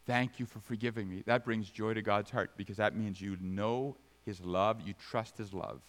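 A man's voice: steady tone, moderate pace. Preacher man in an echoing hall. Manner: emphatic preaching with sudden high, loud outbursts and soft low asides. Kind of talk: sermon. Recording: long reverb of a large hall.

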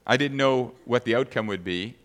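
A man's voice: mid-range voice, moderate pace, a bit bright, big-room sound. A man preaching a sermon as pastor, reading scripture aloud and then speaking conversationally to the congregation.

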